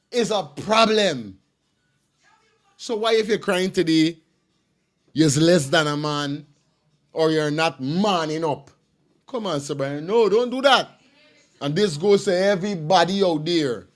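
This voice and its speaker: A man giving impassioned online commentary, preachy and emphatic, hammering his point through repetition. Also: sits high. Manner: preachy, emphatic, repeats phrases.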